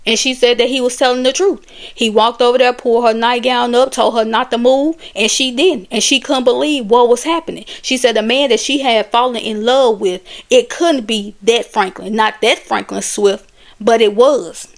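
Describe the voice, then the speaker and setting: Woman, casual story recap, chatty, animated, fairly high voice. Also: moderate pace. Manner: conversational, animated, chatty asides. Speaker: book and movie reviewer.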